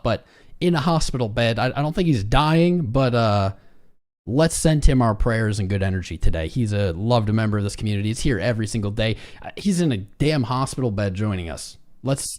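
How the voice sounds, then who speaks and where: A man's voice: fairly low pitch, a little mellow. A man hosting a live crypto trading stream, chatting casually and greeting viewers by name as he reads the charts. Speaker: crypto trading livestream host.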